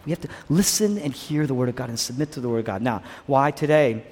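A male pastor preaching a sermon, repeating phrases for emphasis and dropping to a hushed near-whisper at times. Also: medium pitch, animated, quick pace. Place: church hall. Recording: long reverb of a large hall.

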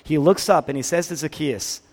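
A man with a high, light voice delivers a sermon, pressing points home through repetition and swinging from near-whispers to ringing emphasis. His words trail off into the long reverb of a large hall. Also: moderate pace. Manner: emphatic, swings between hushed and loud, repeats phrases. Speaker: pastor.

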